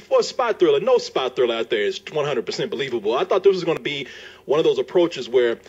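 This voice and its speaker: A man reviewing a movie in casual chat, retelling scenes with animated, laughing energy. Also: mid-range voice, fast, husky. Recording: muffled lo-fi recording.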